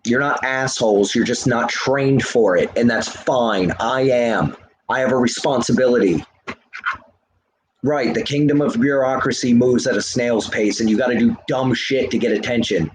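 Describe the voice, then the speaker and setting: A man's voice: mid-range voice, normal speed, reverberant, a little hiss or hum. Heated, profane man ranting to chat. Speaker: livestreamer. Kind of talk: live stream rant to chat.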